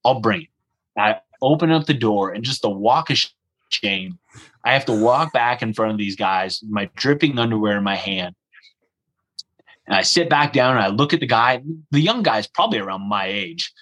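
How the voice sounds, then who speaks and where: A man's voice: on the low side, normal speed, low-quality recording. A young man telling a travel story in a casual conversation, acting out the dialogue and using lots of "like" fillers. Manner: animated, acts out the dialogue, frequent "like" fillers.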